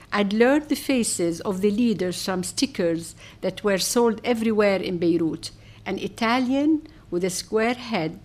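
A woman reading a first-person story aloud as an audiobook narrator, with measured storytelling and wry asides. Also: mid-range voice, darkish tone.

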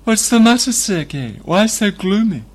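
A man's voice: high voice, very animated, normal speed, voice pushed up. A man reading aloud, voicing a passionate young woman who pleads with her lover. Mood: pleading.

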